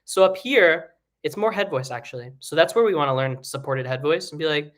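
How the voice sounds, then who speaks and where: A man teaching singing in a casual, rambling way, with many fillers and restarts, breaking into high sung examples. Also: expressive, a little fast, a bit bright. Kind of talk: live online singing lesson.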